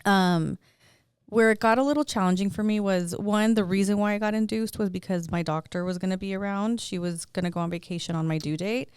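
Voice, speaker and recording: A woman's voice: medium pitch, fairly quick, darkish tone, clean tone, no room sound, clean studio sound. A young woman hosting a podcast, telling a personal story in a candid, chatty way. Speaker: podcast host. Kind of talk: casual chat.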